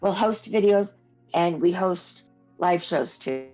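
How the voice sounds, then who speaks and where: A woman's voice: on the low side, animated, slow, mellow. A woman co-hosting a horror podcast in casual chat, rambling with restarts and fillers. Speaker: podcast co-host. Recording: dull lo-fi audio with faint music.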